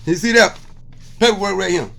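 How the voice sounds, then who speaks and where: A man's voice: high voice, a little fast, gravelly, a bit bright. A man giving an emotional, preachy testimony monologue to his viewers, repeating "see what I'm saying.". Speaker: vlogger.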